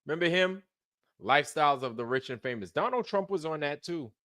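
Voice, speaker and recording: Male streamer, loose profane banter, animated delivery, dry close sound. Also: on the high side, fast, no room sound. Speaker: livestream host. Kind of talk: casual chat.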